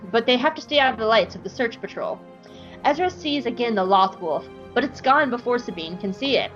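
Irreverent higher-voiced woman recapping. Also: highs cut off. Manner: lively, irreverent, swears casually. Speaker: podcast co-host. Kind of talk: casual episode recap.

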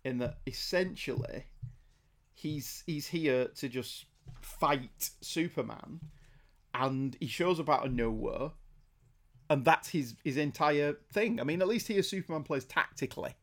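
A man co-hosting a comic book podcast, talking in a wry, animated way with quick jokes and asides. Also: on the high side. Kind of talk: casual review chat.

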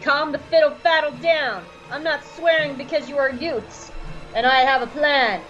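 Woman doing a sarcastic teen Jedi girl, slangy and bossy, fairly high voice, dull lo-fi sound, faint music. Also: normal speed, natural voice. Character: teenage Togruta Jedi woman, blunt and exasperated.

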